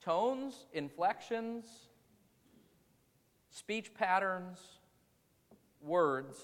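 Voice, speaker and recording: A man's voice: high voice, expressive, very slow, fairly bright tone. A man preaching a sermon as pastor, speaking conversationally and asking the congregation rhetorical questions. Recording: long reverb of a large hall.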